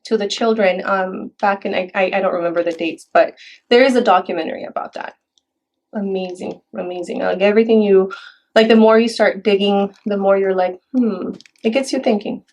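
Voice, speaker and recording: A woman from Mexico, chatting casually and softly, with many fillers. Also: medium pitch, fairly even intonation, fairly quick, low-quality recording. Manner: soft-spoken, with fillers and Spanish phrases. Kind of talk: casual chat.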